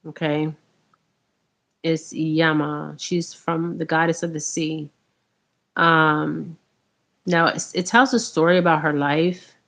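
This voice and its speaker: A deep-voiced woman with fairly bright tone and fairly even intonation speaks slowly, leaving long pauses. She's a spiritual vlogger casually telling "you guys" about her path, rambling with many ums and a repeated "okay?"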